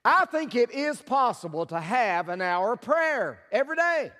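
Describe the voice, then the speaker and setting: A man with a very high-pitched, very animated voice speaks at normal speed in a bright, forceful tone. He's a guest speaker preaching a folksy, humorous sermon in a church sanctuary, leading the congregation in call and response as they repeat his words back. The recording carries a long church hall reverb.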